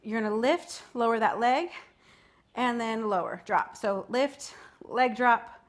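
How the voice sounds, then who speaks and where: A woman's voice: fairly high pitch, takes it slowly. A woman, a mother, coaching a workout, pushing listeners to keep going and chatting through stories as she counts off moves. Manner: chatty, tells personal stories mid-workout. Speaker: fitness instructor. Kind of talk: workout coaching with motivational talk.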